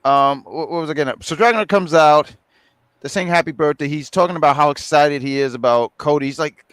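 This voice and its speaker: A man's voice: fairly high pitch, fairly quick, fairly bright tone, dry recording. Man, casual co-host chat, rambly with lots of fillers, dry sound. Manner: rambling, many fillers and restarts.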